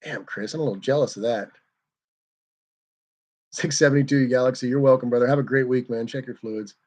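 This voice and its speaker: A man's voice: medium pitch, fairly quick, darkish tone. A man hosting a car livestream in casual, rambling, self-deprecating chat.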